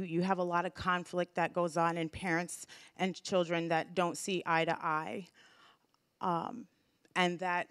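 A young woman speaks to a community audience, grateful and emotional, often restarting her phrases. Her voice sits a little low for a woman and sounds dry and close. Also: a bit bright, clean tone, no echo. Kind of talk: heartfelt speech to an audience. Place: community event hall.

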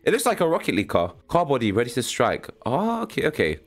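A young man giving casual, excitable commentary as he reacts to a video game, with a slangy, chatty way of talking. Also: medium pitch, fast. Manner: casual, excitable, slangy, says "bro" a lot. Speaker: gaming channel host.

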